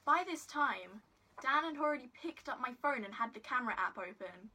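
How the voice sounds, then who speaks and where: A woman's voice: high-pitched, expressive, fairly quick, bright, forceful tone, slight background noise. A woman telling a story to her phone camera in a casual vlog, giggly and rambling with lots of "like" and self-deprecating asides. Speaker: vlogger.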